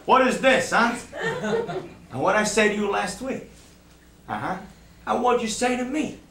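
Male performer as a bullying, profane enforcer uncle, loud and high, live on an echoey stage. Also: animated, measured pace, gravelly, slight background noise, heavily acted. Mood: menacing. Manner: shouting, bullying, profane threats. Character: tough, foul-mouthed, menacing male uncle, a neighborhood enforcer. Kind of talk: one-man stage show character work.

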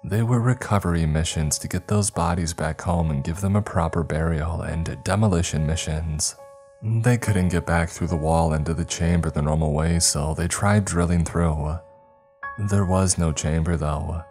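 A man's voice: low voice, steady tone, moderate pace, darkish tone. A man reading as a grieving retired space communications chief. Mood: somber. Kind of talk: scripted horror narration. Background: faint music.

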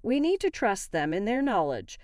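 A woman's voice: mid-range voice, very animated, normal speed, a little mellow, no room sound, studio quality, voice pushed up, close to an everyday voice. A woman reading a soothing young husband. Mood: reassuring. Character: loving, reassuring young husband.

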